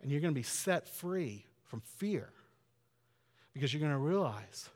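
A man's voice: a little high, animated, unhurried. Earnest man preaching in a hall. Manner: conversational, earnest, builds to loud emphatic peaks. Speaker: pastor. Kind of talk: sermon.

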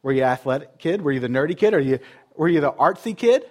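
A man's voice: fairly high pitch, expressive, fast talker. A man in his thirties, a pastor, giving a casual, conversational sermon full of rhetorical questions and fillers.

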